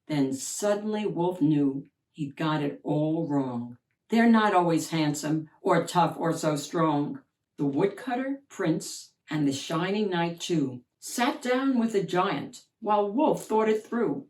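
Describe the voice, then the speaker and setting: A woman reading a children's picture book aloud with an expressive, rhyming delivery. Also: fairly low pitch, slow pace, far from the mic. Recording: roomy echo, mic set back.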